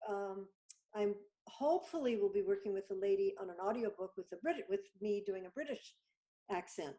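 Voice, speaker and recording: A woman's voice: medium pitch, normal speed, dark tone. A woman voiceover artist chatting as a guest on a video-call interview, enthusiastic and talkative.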